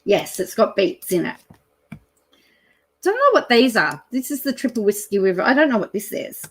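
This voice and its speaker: A middle-aged Australian woman, the host of her own channel, chatting casually and rambling as she reads out a fast-food menu, with many ums and some excited laughter. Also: medium pitch, breathy edge. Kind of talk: casual chat reading a menu aloud.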